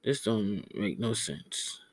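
A man's voice: on the low side, lively intonation, slow, heavy background noise. A young man hosting a podcast, rambling casually and profanely, often stumbling over his words. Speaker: podcast host.

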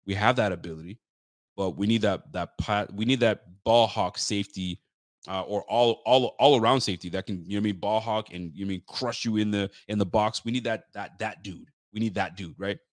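A young man hosting a casual sports podcast, telling stories with lively mimicked quotes and loose slang. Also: on the low side, fairly quick, no room sound, clean studio sound. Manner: loose street slang and swearing. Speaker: podcast host. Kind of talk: casual sports talk chat.

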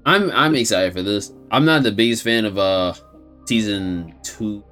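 A man co-hosting a podcast, chatting casually in slang with teasing, animated interjections. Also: fairly low pitch, measured pace, soft background music. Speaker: podcast co-host. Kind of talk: casual chat.

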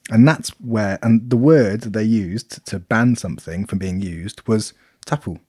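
A man's voice: fairly low pitch, a little slow, mellow, slightly rough, no room sound, studio quality. A British man co-hosting a casual podcast chat, explaining things in a rambling way with lots of fillers. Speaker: podcast co-host.

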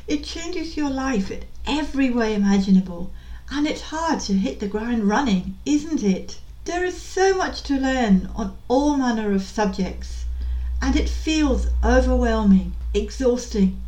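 A woman's voice: a little high, expressive, measured pace, warm tone. A woman hosting a podcast, reading a scripted promo in a polished, encouraging way. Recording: echoey room.

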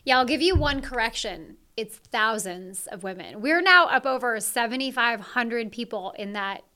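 Bright, emphatic woman executive. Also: fairly high pitch, lively intonation, normal speed. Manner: earnest, emphatic. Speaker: guest, company executive. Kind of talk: conversational interview.

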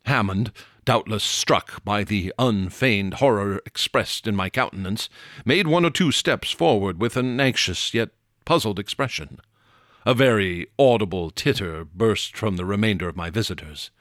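A man narrating a classic horror tale in a measured, dramatic way, dropping low and slowing down for suspense. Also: a bit bright, no room sound, clean studio sound. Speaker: audiobook narrator. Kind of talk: dramatic horror story reading.

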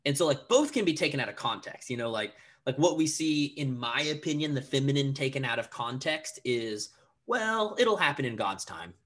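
A man in his thirties talking casually on a podcast, animated and full of filler words, acting out little quotes. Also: mid-range voice, brisk, hardly any pauses. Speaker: podcast guest.

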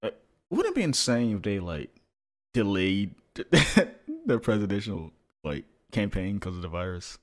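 A man with a fairly low voice chats casually with a friend. His pitch swings widely as he talks. He is laid-back and laughs often, sometimes stumbling over repeated words. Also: sing-song, unhurried. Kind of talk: casual chat among friends.

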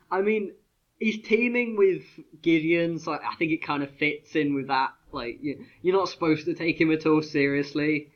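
A man's voice: fairly high pitch, muffled recording. A man co-hosting a casual chat podcast, rambling with lots of fillers and restarts. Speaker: podcast co-host.

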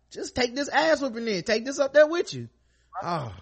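Animated high-voiced male podcast host. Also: moderate pace, slightly rough. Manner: animated, acts out quoted voices, reads news aloud. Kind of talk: casual comedic chat.

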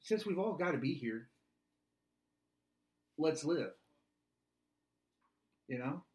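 Deadpan man reciting lyrics as life advice. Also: fairly high pitch, slow. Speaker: podcast co-host. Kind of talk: deadpan comedic chat quoting song lyrics.

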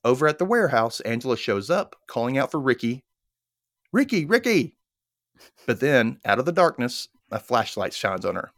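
A man's voice: medium pitch, fairly quick, few pauses, dry recording, clean studio sound. A man co-hosting a podcast, casually recapping a TV episode scene by scene. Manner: animated retelling, briefly voicing characters' lines. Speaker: podcast co-host.

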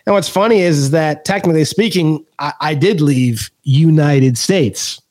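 Casual profane male podcast guest, animated and playful, dry sound. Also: fairly high pitch, moderate pace, no room sound. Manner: profane, laughing, animated storyteller.

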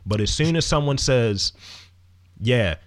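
A man co-hosting a casual podcast, talking in a lively, profane way with mocking asides. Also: medium pitch, a little slow. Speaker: podcast co-host.

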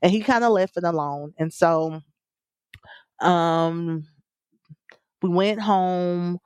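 A woman's voice: on the low side, slow, a little mellow, smooth, no room sound. A woman telling her own birth story as a podcast guest, earnest and emotional, with many fillers and quoted dialogue. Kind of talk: personal storytelling interview.

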